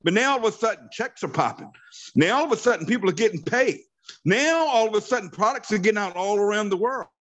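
Speaking quickly with lively intonation, a fifties-aged network marketing team leader rallies his sales team on a motivational training call in a high, fairly bright voice that rises and falls widely. His delivery is fervent and preachy, hammering points through repetition, with highs cut off in the recording.

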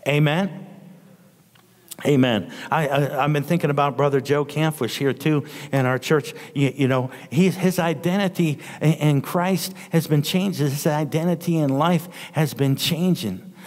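A man's voice: a little high, long reverb tail. A man preaching a sermon in a church, leading call-and-response with repeated amens and hallelujahs and reading scripture aloud with small stumbles. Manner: reads scripture aloud, stumbling over words. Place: church sanctuary.

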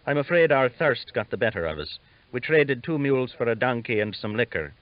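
A man's voice: medium pitch, animated, fairly quick, voice pushed up, close to an everyday voice. A man voicing a bald, jolly older Irishman with an Irish accent, genial and wry, on a dull lo-fi recording.

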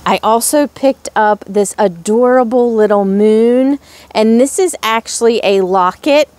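A young woman in a casual haul vlog, showing off little charms and gushing over each one with drawn-out exclamations. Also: on the high side, darkish tone. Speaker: crafts vlogger.

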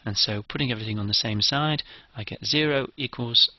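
A man's voice: medium pitch, fairly quick, no echo, muffled recording. A man giving a methodical, step-by-step engineering lecture.

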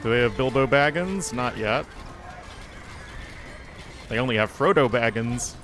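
A man's voice: medium pitch, animated, a little slow, fairly bright tone, a little hiss or hum. A man, chatting offhand through his own strategy game playthrough as a streamer, muttering remarks to himself. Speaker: gaming streamer. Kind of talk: casual gameplay commentary.

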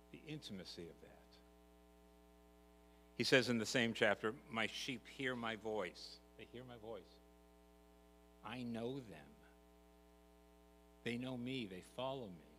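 An older pastor's lowish voice is bright and forceful as he preaches earnestly, working up to emphatic repetition. The church sanctuary lends a long reverb, and a faint hum runs underneath.

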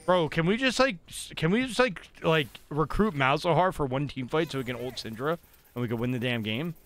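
A young man streaming a video game, commenting live as he plays and swinging between muttering to himself and shouting with excitement. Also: on the high side, brisk. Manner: excitable, swings from mumbling to yelling. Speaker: gaming streamer.

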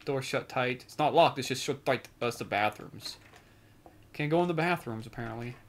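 A man playing a horror video game with a friend, reacting loudly, swearing and joking around. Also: mid-range voice, moderate pace, slight background noise. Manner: excitable, swears, jokey put-on accent at times. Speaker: let's play gamer. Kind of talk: casual gameplay commentary.

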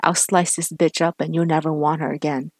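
A woman's voice: deep voice, level tone, fairly quick, darkish tone, no echo. A woman voicing a vengeful male cop turned killer, menacing and taunting, in a dry, close recording.

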